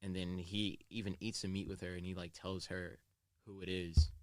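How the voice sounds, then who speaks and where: Low-voiced young man, casual profane chat. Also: little pitch movement, moderate pace, a little mellow, no echo. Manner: loose, profane storytelling full of fillers.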